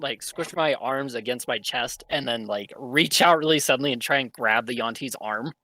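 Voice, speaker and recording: A man's voice: medium pitch, normal speed, sharp tone. A man playing a tabletop game, asking rule questions thoughtfully in casual talk. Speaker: player.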